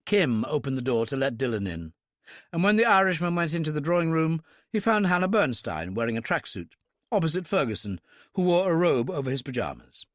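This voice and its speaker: A man narrating a thriller audiobook in a dramatic, animated reading. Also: on the high side, fairly quick, dry recording, clean studio sound. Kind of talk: scripted narration.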